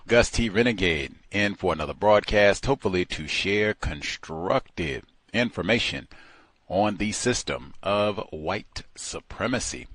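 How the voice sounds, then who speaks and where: A male radio host speaks slowly and deliberately, pressing hard on his points. His voice is low and unhurried, and the sound is dry and close, with no room echo. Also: expressive, a bit bright. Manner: slow, deliberate and emphatic. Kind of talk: call-in radio talk.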